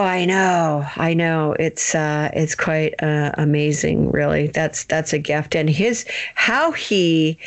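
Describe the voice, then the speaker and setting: A woman author chatting as a podcast guest, bubbly, laughing often and leaping up in pitch when excited. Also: no echo. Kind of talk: casual interview chat.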